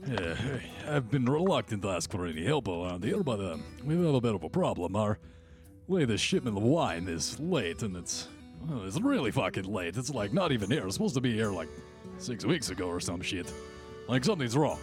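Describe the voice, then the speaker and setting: A rambling, foul-mouthed innkeeper with a thick Scottish accent, his voice leaping up and down in pitch, as a man puts him on. He swears and trails off mid-sentence, with soft music under him. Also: fairly quick. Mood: worried. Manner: swearing, rambling, excitable bursts. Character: blustery male innkeeper, crude and rambling.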